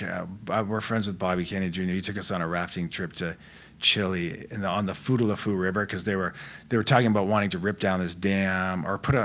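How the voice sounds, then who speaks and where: A man's voice: deep voice, a bit bright. A middle-aged man telling stories as a podcast guest, in a laid-back, slangy way that rambles with restarts. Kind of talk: casual storytelling chat.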